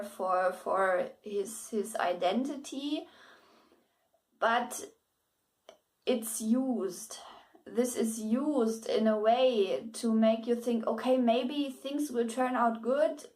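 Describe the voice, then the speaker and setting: A woman's voice: on the high side, a little mellow. A woman with German as her first language gives a casual spoken book review, hesitant, with many fillers, restarts and bits of laughter.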